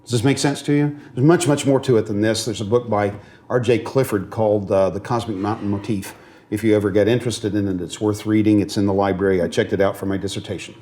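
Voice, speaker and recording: Fast and steady in tone, this man's fairly low, dark voice fills a seminary classroom. He lectures earnestly, gets emotional when points move him, keeps checking his students' comprehension, and often restarts or uses fillers.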